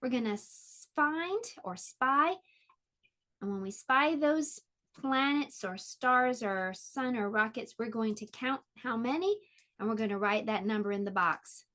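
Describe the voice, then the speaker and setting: A woman teaching an online preschool lesson, speaking slowly in a sing-song way to small children. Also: a little high, sharp tone. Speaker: pre-K teacher.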